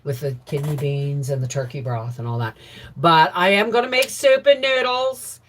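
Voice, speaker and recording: A middle-aged woman hosting a casual homestead livestream, greeting viewers by name and chatting warmly. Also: low-pitched, normal speed, a little hiss or hum. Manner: chatty, warm greetings to viewers, laughs often. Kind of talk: casual live chat reading viewer comments.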